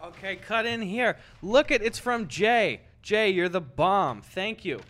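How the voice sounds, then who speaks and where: A man's voice: high-pitched, expressive, unhurried, fairly bright tone. A man co-hosting a podcast from a living room, joking around and swearing in casual banter. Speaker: podcast co-host. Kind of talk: casual chat.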